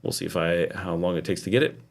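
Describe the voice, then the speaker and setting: A man's voice: deep voice, fairly even intonation, fast, gravelly. A middle-aged man hosting a casual livestream, chatting and reading viewer comments aloud. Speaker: livestream host. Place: home in Nicaragua.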